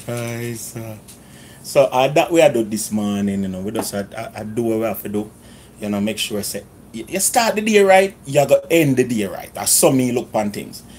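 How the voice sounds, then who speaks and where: A man's voice: mid-range voice, measured pace, a little mellow, slight background noise. A middle-aged Jamaican man chatting casually through a home cooking vlog in his kitchen, slipping into patois phrasing. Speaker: cooking vlogger.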